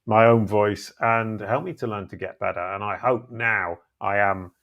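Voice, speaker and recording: A middle-aged man chatting as a guest, telling stories in a relaxed, self-deprecating way. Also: on the low side, normal speed, creaky, dull audio. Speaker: podcast guest. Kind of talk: casual conversation.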